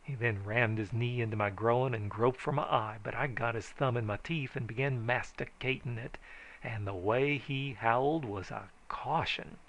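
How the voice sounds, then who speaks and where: Male narrator, gravelly mid-range voice, folksy first-person telling of a frontier yarn. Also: medium pitch, normal speed, highs cut off. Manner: folksy first-person storytelling, raising his voice for shouted lines. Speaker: audiobook narrator. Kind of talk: scripted narration of a frontier tall tale.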